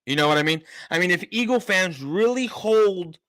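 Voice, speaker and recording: A man's voice: sits high, animated, normal speed, fairly bright tone, no room sound. A man hosting a live-stream sports show, ranting emphatically and repeating himself for effect. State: out of breath. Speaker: sports talk host.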